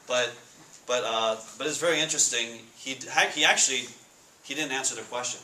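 Bright-voiced man preaching to students. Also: medium pitch. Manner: casual, asks the room questions, reads scripture slowly. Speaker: Bible study speaker. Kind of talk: casual sermon to students. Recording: echoey room with faint noise.

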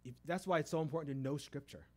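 Man, middle-aged, sermon, storytelling, restarts, swings between loud and soft. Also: fairly high pitch, very fast. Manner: lively storytelling with many restarts, rising loud for emphasis and dropping soft. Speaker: preacher.

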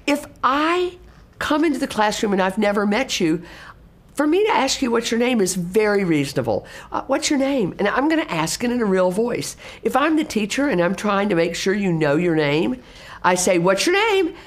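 A middle-aged woman, an assistive technology specialist, explaining teaching practice in a lively way and acting out classroom exchanges. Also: mid-range voice, brisk. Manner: animated, acts out classroom exchanges in exaggerated teacher voices.

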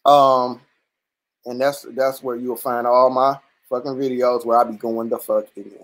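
Brief: combative livestream host, blunt and profane, restarts a lot, average pitch. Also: little pitch movement, measured pace, poor audio. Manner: repetitive restarts, rising into near-shouts. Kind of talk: casual livestream commentary. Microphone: computer or phone mic on a live stream.

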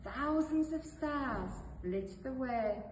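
A woman reading a storybook tale aloud slowly and expressively. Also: high-pitched, slight background noise. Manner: slow, expressive. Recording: echoey hall, voice from far off.

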